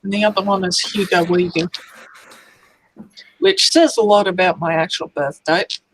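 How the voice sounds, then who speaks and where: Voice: mid-range voice, expressive, moderate pace, no room sound, rough recording. An adult in their forties with an Australian accent, making dry, wry remarks in a casual voice chat. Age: 40s.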